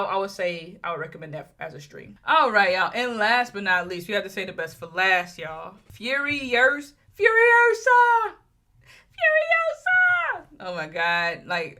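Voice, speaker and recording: A woman's voice: on the low side, sharp tone. A woman talking casually and enthusiastically through a movie review, with many fillers and restarts.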